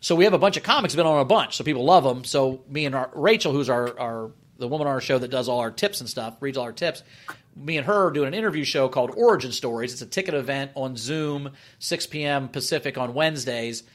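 A man, a stand-up comedian, telling stories on a podcast in an animated, self-mocking way with lots of swearing. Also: mid-range voice, fast talker. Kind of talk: comedic storytelling. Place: podcast studio.

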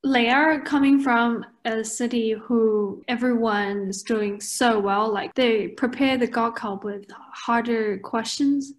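Woman, fairly high voice, casual chat, laughs a lot, filler words. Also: steady tone, slow pace, few pauses. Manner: chatty, laughs often, many "like" fillers.

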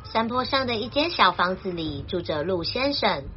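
A woman translating a children's story and explaining vocabulary in a clear, gentle teaching voice. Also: medium pitch, animated, normal speed, highs cut off, a little hiss or hum.

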